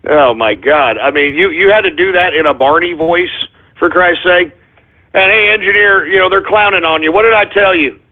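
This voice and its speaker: An exasperated male radio host who curses and grumbles through his complaints. His voice is very high and husky. It comes through a tinny, phone-like line. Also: normal speed. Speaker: radio call-in show host. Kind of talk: call-in radio talk.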